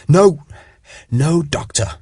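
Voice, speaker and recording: A man's voice: on the high side, expressive, extremely slow, mellow, husky, no echo, studio quality, pitched above the performer's own voice, exaggerated voice. A man voicing a charming young lord who is dying of a wound, speaking faintly and in pain. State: weak and wounded.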